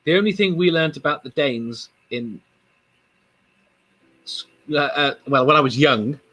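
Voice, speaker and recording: A man with a slightly husky voice, joking and asking questions on a video call. He speaks a little higher than most men, with faint music in the background. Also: animated, unhurried, pushed and bright, no room sound, poor audio. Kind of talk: casual video-call chat.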